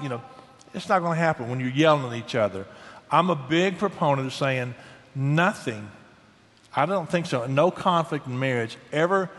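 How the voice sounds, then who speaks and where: Long hall reverb colors this recording of a middle-aged man speaking about marriage on a casual Christian talk show. His voice is medium-pitched and a bit bright, and he talks in an earnest, folksy way, often restarting his words.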